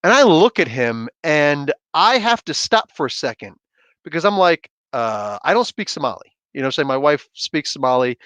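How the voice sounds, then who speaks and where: A man's voice: on the high side, sing-song, normal speed, fairly bright tone, clear, resonant tone, dry recording. Blunt ranting man on a dry mic. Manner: ranting, blunt, rambling with many fillers. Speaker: host. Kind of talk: casual livestream chat. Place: home livestream setup.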